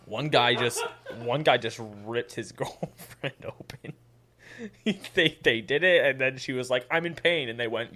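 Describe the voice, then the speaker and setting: A man's voice: mid-range voice, unhurried. A young man co-hosting a podcast, retelling crude stories in casual banter with plenty of swearing and laughter. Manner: animated storytelling with laughs and swearing. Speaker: podcast co-host.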